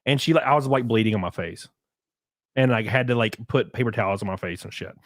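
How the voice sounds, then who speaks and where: A man's voice: lowish voice, fast talker, no room sound, clean studio sound. A young man in casual podcast chat, telling rambling stories, swearing and laughing often.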